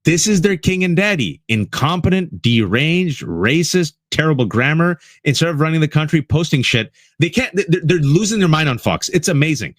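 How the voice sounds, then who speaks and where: Fired-up man ranting with lively pitch. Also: normal speed, dry recording, clean studio sound. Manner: impassioned, sarcastic, emphatic repetition. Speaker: political commentator. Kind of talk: fiery political monologue.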